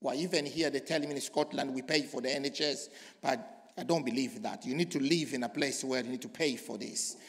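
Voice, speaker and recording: A preacher from Congo, preaching emphatically and swinging from loud to hushed. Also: male voice, medium pitch, a little fast. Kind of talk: sermon. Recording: long hall reverb.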